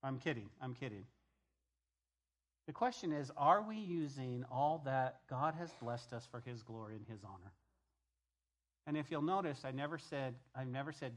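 Animated middle-aged male pastor preaching. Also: mid-range voice, moderate pace. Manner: conversational, animated preaching with repeated phrases. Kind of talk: sermon.

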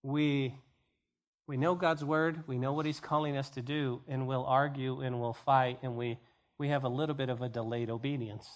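A male pastor delivering a lively sermon in a mid-pitched voice. He slips into quick back-and-forth character dialogue to act out scenes, then hammers his point by repeating phrases. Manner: emphatic, repeats key phrases.

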